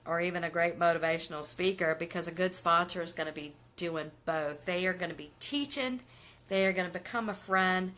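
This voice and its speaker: A woman's voice: fairly low pitch, pushed and bright. A middle-aged woman talking casually to viewers on a live stream, chatty and upbeat, reading out their comments as she goes. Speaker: vlogger doing a live stream.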